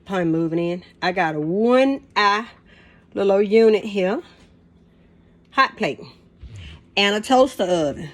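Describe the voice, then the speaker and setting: A woman's voice: mid-range voice, animated, unhurried, long pauses. Older woman, rambling chat. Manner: rambling, laughs often, folksy Southern turns of phrase. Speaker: vlogger. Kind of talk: casual storytelling to camera. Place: home kitchen.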